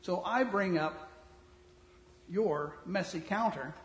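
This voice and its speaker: Blunt preacher in an echoing hall. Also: male voice, sits high, takes it slowly. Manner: blunt, conversational preaching that swings from soft to loud. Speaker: pastor. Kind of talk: sermon. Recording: reverberant hall.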